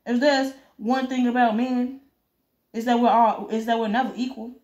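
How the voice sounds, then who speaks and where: A woman's voice: on the high side, level tone, moderate pace, a little mellow, reverberant, muffled recording, natural voice. A woman doing a sneering, cruel gang boss. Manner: sneering, foul-mouthed threats. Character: ruthless male gang boss, cruel and mocking.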